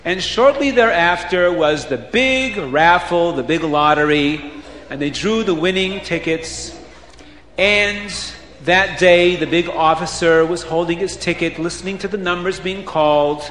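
A man's voice: high voice, unhurried. A man telling a children's story, acting out the characters' voices with lots of expression. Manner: animated, acts out characters' voices. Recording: echoey hall with faint ambience.

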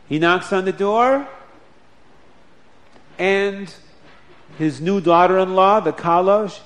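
A man with a rather high voice, telling a story to children. His delivery is animated and expressive, lingering on key moments.

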